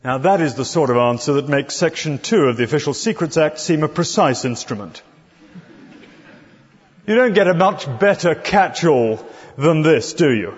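A man delivers an expository sermon in a conversational way, asking his listeners rhetorical questions. His voice is fairly high with lively intonation at a normal pace, and the recording is dull and reverberant, made in a hall.

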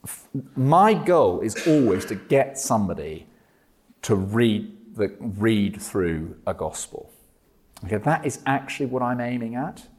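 Lively, jokey preacher. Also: male voice, lowish voice, unhurried. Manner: jokey, animated, self-mocking asides. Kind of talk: conference talk on evangelism.

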